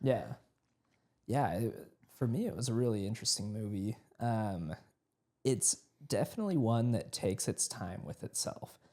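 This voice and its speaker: A man's voice: on the low side, lively intonation, normal speed, darkish tone. A man co-hosting a movie review podcast, talking reflectively with hesitant "uh" fillers. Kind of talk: casual review chat.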